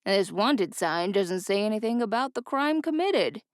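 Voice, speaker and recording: A woman voicing a calm male cart driver in an audiobook, steady and dry. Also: medium pitch, moderate pace, no room sound, natural voice.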